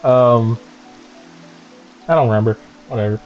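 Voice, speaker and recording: A man co-hosting a stream, chatting casually and mocking people in profane, animated bursts. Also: medium pitch, a little slow. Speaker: streamer co-host. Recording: dull lo-fi stream audio, faint music.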